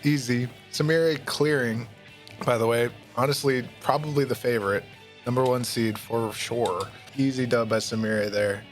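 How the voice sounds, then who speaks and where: Young male video host, mid-pitched and excitable, casual banter over faint music. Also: normal speed. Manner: laughing, loose and excitable, swears. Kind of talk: casual commentary, reading a story aloud.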